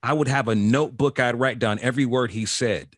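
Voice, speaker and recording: A man in his fifties, a longtime radio host, recounts his career with animated energy, his voice leaping upward at the exciting parts. His voice sits in a mid register. The recording is dry, with no room sound. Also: mid-range voice, brisk, dry recording. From Chicago, USA. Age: 50s. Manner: animated storyteller, voice jumps up when excited. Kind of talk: storytelling interview answers.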